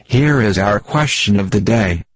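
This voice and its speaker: A synthetic male text-to-speech voice playing a stiff, deadpan sports computer that reads jokes in stilted, formal phrasing for a radio comedy bit. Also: lowish voice, unhurried.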